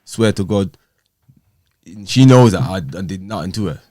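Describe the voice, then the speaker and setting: Low-voiced man, casual and animated as he recounts events; dry studio sound. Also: moderate pace, dry recording. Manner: animated, acts out quoted exchanges. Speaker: podcast guest. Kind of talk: casual storytelling.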